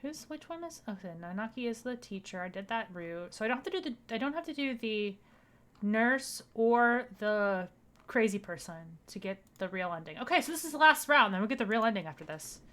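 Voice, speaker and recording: A woman's voice: fairly high pitch, lively intonation, fairly quick, fairly bright tone. A woman vtuber giving casual, joking commentary while playing a game. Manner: chatty, joking asides. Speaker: vtuber streamer.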